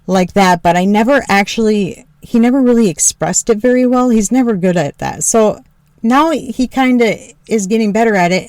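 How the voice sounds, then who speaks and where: A woman's voice: darkish tone, no echo. A woman podcast host telling a candid personal story, frank and joking, swearing freely and laughing often. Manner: mimics her husband in a lower voice.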